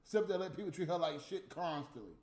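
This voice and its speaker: A man's voice: fairly high pitch, animated, fast talker. Profane ranting man in an echoey room. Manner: profane, ranting, swings from mutters to loud outbursts. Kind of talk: casual rant to viewers. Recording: roomy echo, faint music behind.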